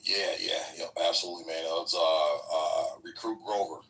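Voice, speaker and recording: A very deep-voiced man spins rambling boot camp stories full of cursing and fillers. His tone is bright, and he sits back from the microphone. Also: steady tone, normal speed, far from the mic, low-quality recording. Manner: profane, rambling storyteller with many fillers. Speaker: former Marine recruit telling stories. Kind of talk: casual podcast chat.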